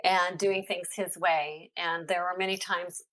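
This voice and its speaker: Earnest middle-aged woman, low-pitched. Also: little pitch movement, a little slow, fairly bright tone. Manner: earnest, heartfelt, many hesitations. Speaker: podcast guest. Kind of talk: conversational faith testimony.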